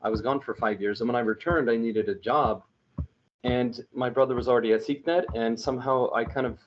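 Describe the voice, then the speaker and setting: A man's voice: medium pitch, steady tone, brisk, dull audio, slight background noise. A man from New Mexico who works as a storyteller, chatting earnestly and with animation in long, winding anecdotes full of restarts. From New Mexico, United States. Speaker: storyteller for an online religious media group. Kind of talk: casual conversational storytelling.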